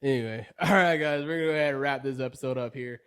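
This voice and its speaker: A young man co-hosting a casual podcast, laid-back, swearing casually and trailing off quietly mid-sentence. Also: mid-range voice, quick pace, clear, resonant tone. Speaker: podcast co-host. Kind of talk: casual chat.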